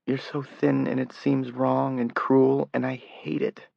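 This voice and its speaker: A man's voice: lowish voice, flat delivery, moderate pace, creaky, husky, no room sound, full character voice. A man voicing a tearful, anxious young woman, his voice rising as she pleads. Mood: tearful, pleading. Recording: dull lo-fi audiobook recording.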